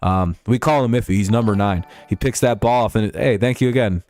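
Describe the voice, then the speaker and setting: A man's voice: on the low side, fairly quick, a little mellow. A young man hosting a live stream, chatting casually about football in a rambling, profane way and reading out chat messages.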